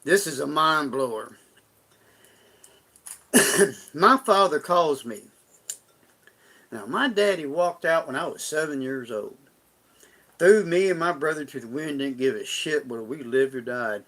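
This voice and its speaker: A man's voice: mid-range voice, fairly bright tone. A middle-aged man on a live stream, telling a personal story in a folksy, rambling way with frequent restarts.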